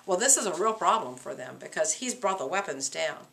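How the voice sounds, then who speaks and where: A woman teacher explaining a play to her class in an animated way, asking the class rhetorical questions. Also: on the low side, a little fast, creaky.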